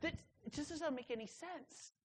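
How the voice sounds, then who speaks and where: A young woman delivers a sermon to a student group, stressing each key word and pausing for effect. Her delivery swings between quiet, low stretches and loud, rising bursts. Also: poor audio. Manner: emphatic, drawn-out pauses on key words. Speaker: preacher at a student gathering.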